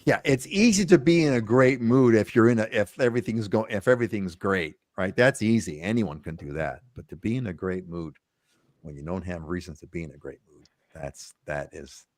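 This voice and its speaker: A man's voice: lowish voice, a little fast, darkish tone, no echo. A man hosting a live real estate show, talking with enthusiasm and often repeating words as he starts his sentences. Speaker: host.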